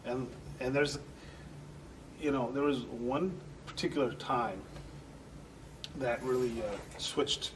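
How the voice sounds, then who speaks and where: Speaking slowly with long pauses and fairly even intonation, a male guest who runs an entertainment center tells sincere, wandering stories in a conversational interview, voicing the people he quotes. His mid-range voice comes through a distant mic on a rough recording with slight background noise.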